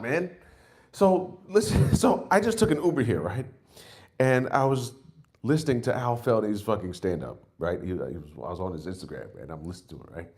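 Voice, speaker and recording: Speaking at normal speed in a lowish voice, a comedian in his forties works through an open-mic set. His storytelling is animated, profane and rambling, with frequent restarts.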